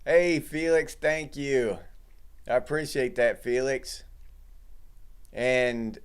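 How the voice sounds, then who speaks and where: A man's voice: mid-range voice, takes it slowly, clear, resonant tone. A middle-aged man hosting a casual livestream, chatting loosely and greeting viewers in the chat. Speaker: livestream host.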